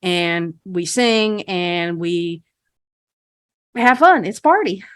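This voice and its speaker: A woman's voice: lowish voice, animated, extremely slow, clear, resonant tone, no echo, clean studio sound. A woman voicing a chirpy small-town Texas shop lady who recites a folksy, rehearsed tour spiel. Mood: chatty.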